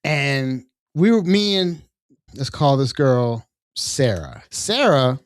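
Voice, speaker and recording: A man's voice: medium pitch, slow pace, no echo. Slangy male host on a dry mic. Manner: animated, slangy, acts out quotes in voices. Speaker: podcast host. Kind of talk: casual solo storytelling.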